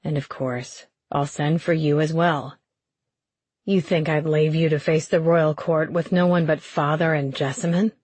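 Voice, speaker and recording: Figure: a woman voicing a gentle young nobleman, steady and reassuring. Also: low-pitched, a little slow, husky, dry recording, pitched below the performer's own voice. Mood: calm.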